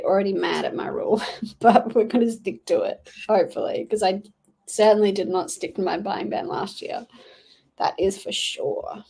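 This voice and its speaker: A young woman talks loosely and warmly to her viewers during a reading livestream. She rambles with lots of "um" and "like", her pitch sitting at a plain middle level for a woman. It sounds like a relaxed home stream from a small study. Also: gravelly, low-quality recording. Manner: chatty, rambling, with frequent fillers. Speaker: livestreaming booktuber. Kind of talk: casual livestream chat reading comments.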